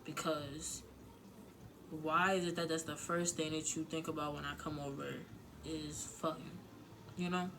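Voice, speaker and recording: A woman's voice: low voice, level tone, measured pace, noisy background. A woman giving frank relationship advice in a casual vlog, talking candidly with plenty of filler words and some swearing. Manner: emotional, close to tears at times.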